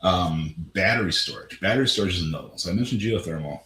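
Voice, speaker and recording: A man's voice: low-pitched, animated, quick pace, fairly bright tone, echoey room, slight background noise, low-quality recording. A man giving a conversational business presentation in a webinar. He often restarts and stammers over his words. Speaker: webinar presenter on tax credits.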